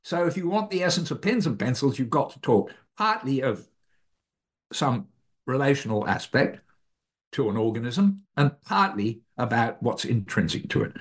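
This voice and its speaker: An older man answering interview questions about his ideas. His pitch rises and falls freely as he talks. He pauses and restarts phrases often, working through each point. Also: big pitch swings. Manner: thoughtful, halting, restarts phrases. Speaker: philosopher, author.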